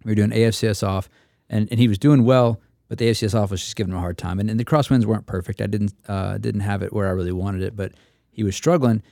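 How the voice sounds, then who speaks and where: Gravelly, mellow-voiced male storyteller. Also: fairly low pitch, steady tone, fast talker, no room sound, clean studio sound. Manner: storytelling, acts out quotes. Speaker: instructor pilot. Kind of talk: casual roundtable chat.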